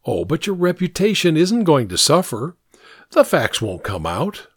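A man reading aloud and voicing a genial, easygoing gentleman who talks in a light, breezy way. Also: on the high side, huge pitch swings, measured pace, husky, no room sound, clean studio sound, pitched above the performer's own voice, exaggerated voice. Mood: reassuring.

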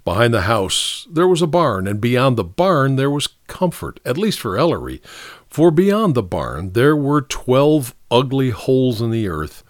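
Male audiobook narrator, lively pitch, dry close sound. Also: measured pace, dry recording.

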